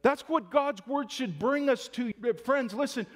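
A man's voice: very high-pitched, unhurried, fairly bright tone. A male pastor preaching a Sunday-morning sermon in an emphatic, conversational way.

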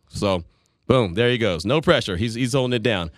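A man's voice: mid-range voice, normal speed, dry recording, clean studio sound. A man hosting a sports talk radio show, chatting loosely and rambling between listener messages and calls. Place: radio studio. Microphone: studio microphone.

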